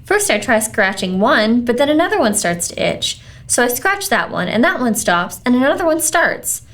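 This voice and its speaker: A whining little schoolgirl complaining in a high, lively storybook voice, put on by a woman reading aloud. She sounds plaintive and upset throughout. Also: normal speed. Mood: whiny. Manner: whining, complaining, higher than narration. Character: whiny itchy schoolgirl, young girl.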